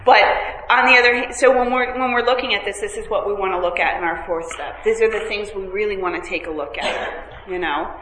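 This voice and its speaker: A woman's voice: medium pitch, brisk, hardly any pauses, fairly bright tone. A woman telling a meeting group about her recovery, with self-mocking humor and many fillers and restarts. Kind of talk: candid talk to a group. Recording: echoey hall, faint noise.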